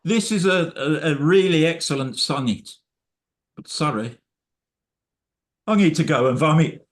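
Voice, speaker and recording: A man giving a comic spoken-word performance at a live poetry night, playing a halting, stammering, sweary drunken persona. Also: a little high, lively intonation. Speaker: open mic performer.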